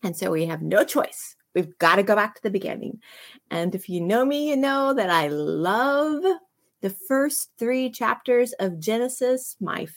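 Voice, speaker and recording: A woman's voice: mid-range voice, animated, a little slow. A middle-aged woman hosting a casual devotional livestream, chatty and enthusiastic, greeting viewers by name. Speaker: ministry host of a live devotional.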